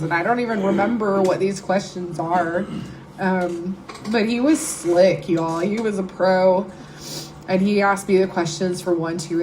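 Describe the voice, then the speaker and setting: In a meeting room full of listeners, a middle-aged woman tells her personal story at a recovery meeting, candid, conversational and full of emotion. Her voice sits on the low side, and there's noise in the background.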